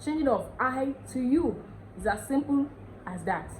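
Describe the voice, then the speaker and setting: A woman with a Nigerian accent teaching a casual language lesson, repeating words slowly and often checking that viewers follow. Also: high-pitched, lively intonation, a little mellow, a little hiss or hum, rough recording.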